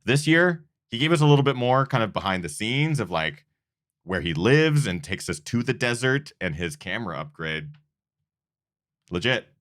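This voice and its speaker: A man's voice: medium pitch, very animated, moderate pace, fairly bright tone, no room sound, clean studio sound. A man hosting a running channel's awards show, talking earnestly and rambling with restarts. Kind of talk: casual awards show chat.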